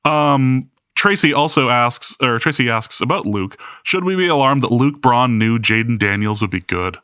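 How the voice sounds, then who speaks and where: Podcast host, male, bright voice, dry close sound, wry and halting delivery. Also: medium pitch, animated, clear, resonant tone, dry recording. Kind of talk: casual chat.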